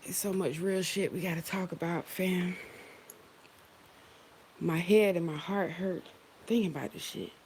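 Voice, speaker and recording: A woman's voice: lowish voice, steady tone, a little slow, long pauses, a little mellow, a little hiss or hum. A woman hosting a casual spiritual livestream, talking in a loose, heartfelt, profane way, often stopping and starting again. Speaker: livestream host.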